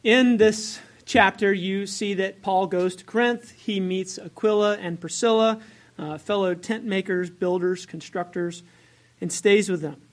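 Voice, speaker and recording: Brief: female preacher, mid-pitched, conversational sermon, poses questions, self-corrects. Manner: conversational, asks the congregation questions; self-correcting as she goes.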